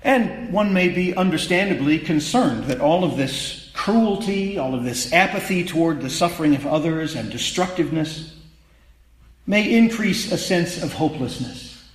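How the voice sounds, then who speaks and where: A man's voice: on the high side, lively intonation, moderate pace, roomy sound, rough recording. A man preaching a sermon in a conversational, wry way that builds to emphatic peaks. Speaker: pastor.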